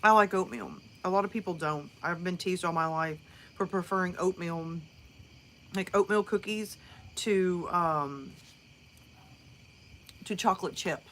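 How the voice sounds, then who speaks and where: A woman's voice: lowish voice, a little slow, pauses often, fairly bright tone, slight background noise. A woman from northern Alabama with a Southern American accent, chatting casually and rambling with viewers on a live stream, laughing often. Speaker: livestream host.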